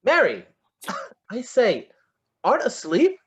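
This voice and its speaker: An actor playing a flattering, lovestruck poet in an amateur online stage play, savoring each word and muttering to himself. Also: mid-range voice, slow. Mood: wooing. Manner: florid, wooing, savoring words, muttering to himself. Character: lovestruck, flattering William Shakespeare, a playful poet.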